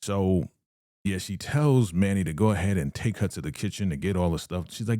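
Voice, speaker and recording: A man recapping a TV episode in a casual, animated storytelling way. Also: sits low, a little fast, no room sound, clean studio sound. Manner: animated storytelling, acts out the quotes. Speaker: TV recap vlogger.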